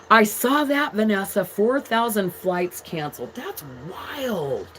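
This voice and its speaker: A woman's voice: mid-range voice, very animated, takes it slowly, fairly bright tone, slight background noise, poor audio. A woman from England hosting a jewelry live stream, chatting casually with viewers and reading their comments aloud as she shows pieces.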